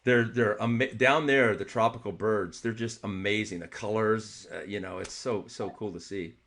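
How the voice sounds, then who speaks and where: A man co-hosting a podcast, telling an animated, rambling travel story with laughs and restarts. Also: on the low side, moderate pace. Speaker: podcast co-host. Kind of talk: casual storytelling chat.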